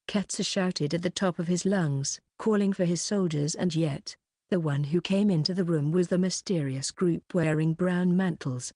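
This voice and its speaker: A woman narrating a fantasy audiobook in a steady, even reading voice. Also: on the low side, dry recording, clean studio sound.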